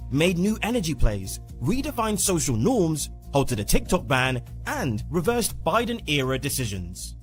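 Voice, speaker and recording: A man narrates a scripted explainer in a polished, even read, his pitch lifting and falling with some life. Soft music plays faintly beneath his voice.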